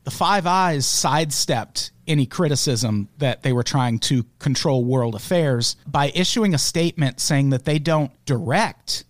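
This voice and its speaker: A man's voice: mid-range voice, expressive, a little slow, few pauses, no room sound. Podcast host, male, dry sarcastic delivery, swears freely, close dry mic. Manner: sarcastic, profane, laughs mid-sentence. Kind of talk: casual comedic news chat.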